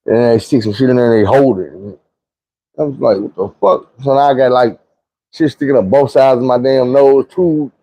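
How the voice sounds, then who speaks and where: Young guy telling a wild story, profane and animated, dry close sound. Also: mid-range voice, moderate pace, dry recording, rough recording. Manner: vivid, profane retelling with shouted quotes. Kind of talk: casual storytime monologue.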